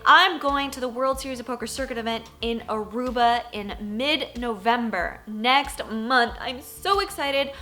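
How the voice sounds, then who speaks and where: A woman in her thirties, a poker journalist, telling a story in a vlog, animated and full of "like", acting out her own reactions. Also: high-pitched.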